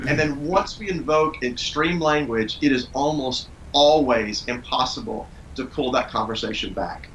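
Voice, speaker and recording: A man in his forties, talking in an earnest, calm way as he gives parenting advice and tells a family story in an interview. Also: mid-range voice, normal speed, hardly any pauses, slight background noise, rough recording. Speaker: parenting guest.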